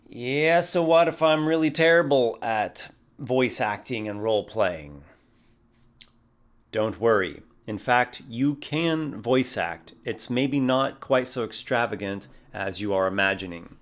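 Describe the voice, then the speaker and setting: Low-voiced man explaining role-play. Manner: friendly, encouraging, demonstrative. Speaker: YouTube creator teaching role-play. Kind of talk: tutorial talk to camera.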